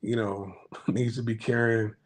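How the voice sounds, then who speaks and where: A man's voice: on the low side, level tone, unhurried. A man hosting a casual monologue to viewers, ranting bluntly with profanity and frequent restarts. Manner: acts out others' voices in anecdotes. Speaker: commentary channel host.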